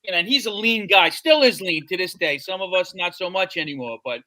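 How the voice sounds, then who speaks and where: A man, a retired fire captain, telling animated war stories in casual chat and loudly acting out the quotes. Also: high-pitched, brisk.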